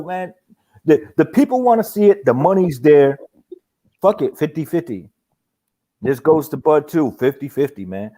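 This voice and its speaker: A man hosting a casual boxing talk show, animated and profane, laughing often as he rants. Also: a little high. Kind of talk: casual chat.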